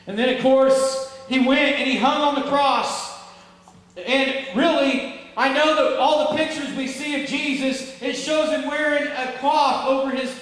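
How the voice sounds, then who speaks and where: A man preaching a sermon to his church, emphatic and full of rhetorical questions, swinging between loud peaks and hushed stretches. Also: very high voice, steady tone, unhurried. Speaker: pastor. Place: church sanctuary. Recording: echoey hall from far off, faint noise.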